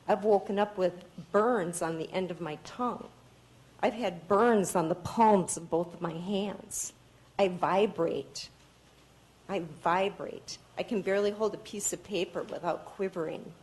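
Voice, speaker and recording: A woman's voice: medium pitch, normal speed, darkish tone, low-quality recording. A woman giving public testimony at a hearing, speaking earnestly and pleading, and she sounds tired. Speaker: public commenter.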